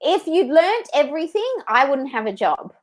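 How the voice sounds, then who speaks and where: A woman, a podcast guest explaining Instagram marketing in a lively, emphatic way. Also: sits high, normal speed, a crowd in the background. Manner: lively, emphatic, acts out quoted thoughts. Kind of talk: casual interview answers.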